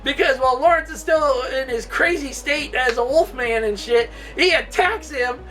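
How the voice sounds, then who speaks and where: A man excitedly retelling a movie's plot in a casual review vlog, cursing, laughing and filling gaps with "and stuff", recorded at a distance with faint music. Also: very high-pitched, normal speed. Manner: excitable and profane, laughs a lot, filler-heavy.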